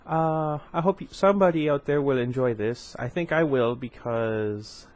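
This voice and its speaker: A man with a slight lisp reading a novel aloud at a middling pitch. He drops in chatty little asides between passages in a casual home reading. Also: normal speed. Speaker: book reader.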